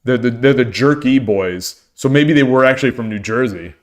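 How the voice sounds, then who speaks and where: A man's voice: medium pitch, moderate pace. A middle-aged man from the Midwest, rambling through casual chat with viewers on his livestream and often restarting and repeating phrases. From American Midwest. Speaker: livestream host.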